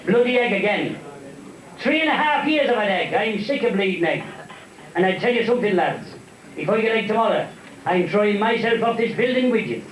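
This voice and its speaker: High voice, cheeky Irish labourer, put on by a male comedian, exasperated, roomy echo. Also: expressive, brisk. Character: Irish labourer Paddy, cheeky and quick-witted. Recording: echoey live venue.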